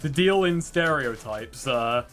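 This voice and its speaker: A man's voice: medium pitch, animated, slow, fairly bright tone, faint music behind. A man chatting casually while playing a video game, rambling and self-deprecating, often laughing at his own stories. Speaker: let's play co-host. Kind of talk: casual chat over gameplay.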